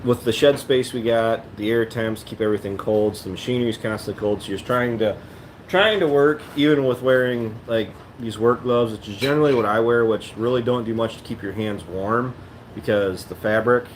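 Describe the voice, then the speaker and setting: A man's voice: medium pitch, moderate pace. A man, a farmer, chatting casually to his viewers in a rambling, plainspoken way with frequent restarts. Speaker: farmer vlogger. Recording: noisy ambient background.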